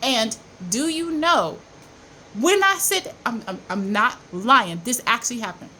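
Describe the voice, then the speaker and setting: A woman with a high voice tells a personal story straight to her viewers. She talks casually and with emphasis, repeating herself and swearing it is true. A faint hum of noise sits behind her. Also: lively intonation, unhurried, sharp tone, poor audio. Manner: emphatic and repetitive, insisting she is not lying. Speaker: vlogger.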